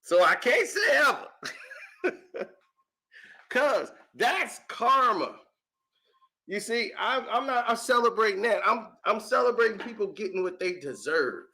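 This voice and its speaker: A man rants through casual sports commentary in a mocking, animated way, laughing often. His voice sits very high, with a gravelly rasp and a bright, sharp edge. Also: unhurried, pauses often.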